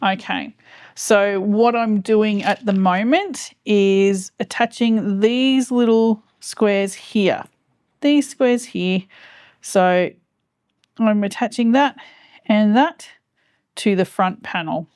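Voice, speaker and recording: A woman's voice: mid-range voice, slow, darkish tone, no echo, studio quality. A woman crochet vlogger chatting casually as she explains each step of her project. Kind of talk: casual how-to narration.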